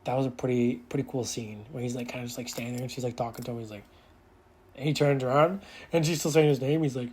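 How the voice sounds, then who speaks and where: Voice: mid-range voice, a little mellow. A reviewer casually recapping a TV episode in a rambling, filler-heavy way, laughing along and acting out bits of the scenes. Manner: acts out characters' lines in quick put-on voices.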